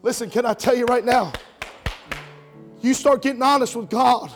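High-voiced preacher telling revival stories. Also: male voice, normal speed, soft background music. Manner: storytelling, voice swells to shouts then drops low. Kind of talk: revival sermon with altar call.

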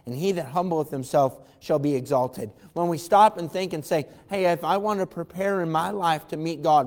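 A man preaching an evening sermon in a church, fervently reading scripture aloud and asking the congregation direct questions. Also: on the high side. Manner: reads scripture aloud in King James wording. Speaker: pastor. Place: church sanctuary. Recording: long reverb of a large hall.

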